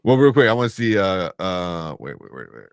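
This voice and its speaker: In clean, echo-free studio audio, a low-voiced man with big pitch swings co-hosts a live entertainment news show at normal speed. He chats casually and laughs while reading out viewer comments.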